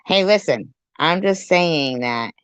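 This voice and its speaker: A woman's voice: low voice, fairly bright tone, no echo. A woman hosting a commentary channel, mocking and sarcastic as she reacts to clips, swearing freely. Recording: dull lo-fi dry sound.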